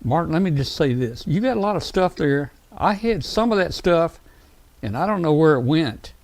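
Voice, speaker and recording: A man hosting a casual live show, talking in a rambling, excitable way with many fillers and restarts. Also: fairly high pitch, normal speed, no room sound. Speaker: host.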